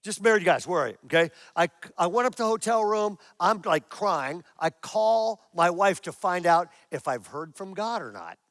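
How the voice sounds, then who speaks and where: A man's voice: high-pitched, animated, moderate pace, few pauses, fairly bright tone, no echo, studio quality. A man in his sixties, a pastor preaching a sermon to a church congregation, telling a story with animation and acting out his own prayers. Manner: asks the congregation questions.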